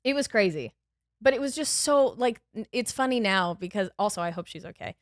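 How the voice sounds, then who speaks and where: A woman on a podcast telling a dramatic story in a casual, animated way, laughing as she goes. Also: mid-range voice, brisk, no echo. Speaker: podcast guest.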